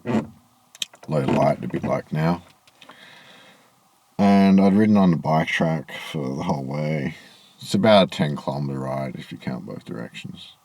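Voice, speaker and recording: A man's voice: rumbling low, expressive, measured pace, pauses often, darkish tone. A man telling a rambling, aggrieved story to camera in a casual vlog, swearing freely, outdoors in the evening. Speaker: vlogger. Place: outdoors in low evening light.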